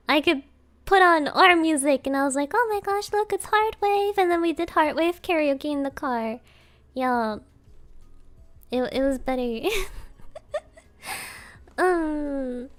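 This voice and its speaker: A young woman streaming live, chatting casually in a rambling, giggly way with lots of fillers. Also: high-pitched. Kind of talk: casual chat.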